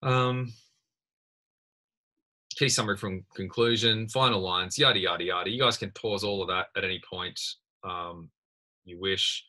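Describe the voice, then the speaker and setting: A man's voice: low voice, steady tone, moderate pace, pauses often, sharp tone. A man lecturing in a casual screen-recorded tutorial, thinking aloud with many fillers and restarts. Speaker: university lecturer.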